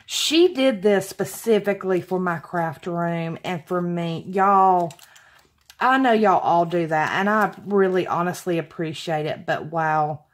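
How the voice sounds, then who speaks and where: Speaking at a measured pace in a lowish voice, an Alabama woman unboxes craft supplies for her vlog. She gushes and giggles giddily, laughing often and apologizing along the way.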